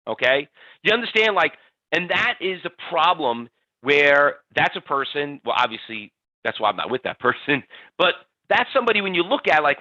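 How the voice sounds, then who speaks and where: A man with a bright, slightly raised voice runs a live trading class online, chatty and energetic. His audio is dry and close, with a dull, somewhat lo-fi webinar sound. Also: fairly high pitch, moderate pace, no echo. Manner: energetic, reads out audience poll answers by name. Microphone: computer mic on a webinar stream.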